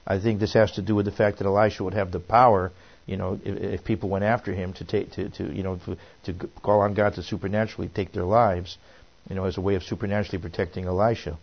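A man's voice: low voice, level tone, quick pace, vocal fry, muffled recording. Man explaining scripture in a sermon. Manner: reads scripture aloud then explains it conversationally, with many restarts. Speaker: preacher. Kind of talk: Bible study sermon.

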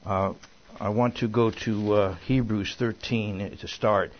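Folksy rambling male preacher, low-ish voice. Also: fairly even intonation, takes it slowly, highs cut off. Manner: folksy, rambling, many fillers and restarts. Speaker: minister. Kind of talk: sermon.

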